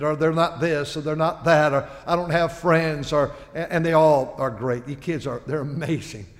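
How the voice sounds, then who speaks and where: An older male pastor delivers an impassioned sermon, dropping to hushed confession and climbing to raised, pleading cries. His voice sits a little high for a man. A long reverb from the church hall trails every phrase. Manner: impassioned, swings from quiet to shouting. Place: church sanctuary.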